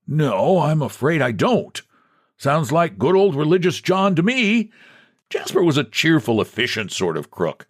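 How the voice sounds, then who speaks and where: A smooth bank president talks down with easy condescension, as a man puts him on. His voice bounces, lively and a little raised. The sound is dry and close. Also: fairly high pitch, unhurried, no echo, voice pushed up. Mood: patronizing. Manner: breezy, patronizing.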